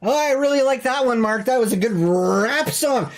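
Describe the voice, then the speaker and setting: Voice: mid-range voice, expressive, moderate pace. Mock-serious comedy call-in host. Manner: mock-serious, exasperated, teasing. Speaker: talk show host. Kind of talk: comedic call-in show banter.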